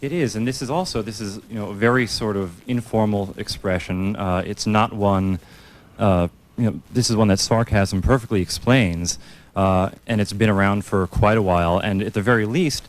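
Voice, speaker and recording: A man's voice: lowish voice, normal speed. A man on a discussion panel, explaining usage with many fillers.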